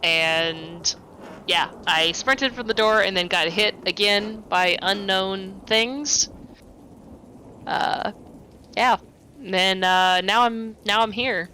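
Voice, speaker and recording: A woman's voice: mid-range voice, slow pace, bright, forceful tone, slight background noise, poor audio. A woman playing an online tabletop game, chatty and laughing between lines. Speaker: player.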